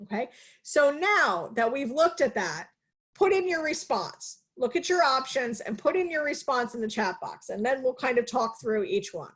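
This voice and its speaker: A woman nursing instructor giving a live online lecture over a video call, energetic and teacherly, asking questions and answering them herself. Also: high-pitched, moderate pace, husky.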